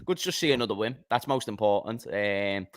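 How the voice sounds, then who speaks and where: A man's voice: lowish voice, animated, fairly quick, dry recording, studio quality. A man from Liverpool with a London accent, a panelist chatting about football in a laid-back, jokey way. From Liverpool, England. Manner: laid-back, jokey banter with local slang. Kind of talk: casual football chat.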